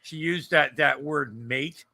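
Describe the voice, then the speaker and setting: Gravelly older man, swearing and rambling. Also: on the high side, slow pace, sharp tone. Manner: profane, rambling and joking. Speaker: co-host. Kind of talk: casual livestream chat.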